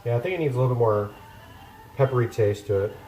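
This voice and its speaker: A cooking streamer talks casually with his viewers and live chat as he cooks in a home kitchen, rambling and poking fun at himself. His voice is medium-pitched, quick and mellow, with a roomy sound and soft music in the background.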